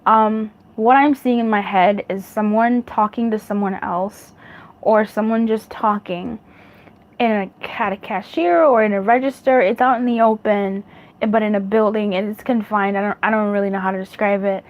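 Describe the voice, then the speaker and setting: A woman's voice: medium pitch, steady tone, normal speed, muffled recording. A woman giving a casual pick-a-card tarot reading, chatty and rambling, laughing at her own jokes and swearing freely. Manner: rambling, self-correcting.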